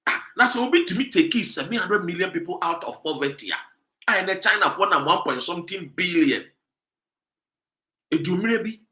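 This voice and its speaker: A man with a Ghanaian accent giving emphatic commentary, full of rhetorical questions, sometimes loud and sometimes dropping low. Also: echoey room. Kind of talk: animated commentary mixing Twi and English.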